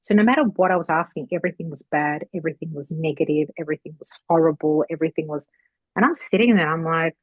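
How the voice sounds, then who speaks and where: A woman with a low, husky voice tells a long chatty story in a relaxed podcast conversation. She rambles and jumps into quoting others along the way. The recording is close and dry. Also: fast talker, no echo, poor audio. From Australia. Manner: chatty, rambling, animated retelling with acted quotes. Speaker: psychic medium guest. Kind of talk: casual storytelling chat.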